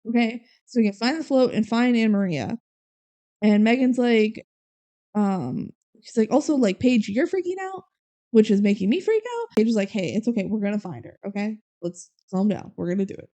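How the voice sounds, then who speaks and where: This podcast co-host has a warm tone at medium pitch. She walks through a film's plot in a relaxed way, performing characters' lines with quick quoted voices and laughter.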